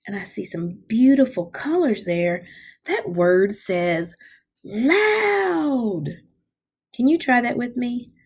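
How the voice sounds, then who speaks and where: A woman teaching kindergarten, talking slowly and clearly in a sing-song voice and stretching out the hard words. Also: lowish voice, darkish tone. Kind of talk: slow, clear classroom instruction for young children.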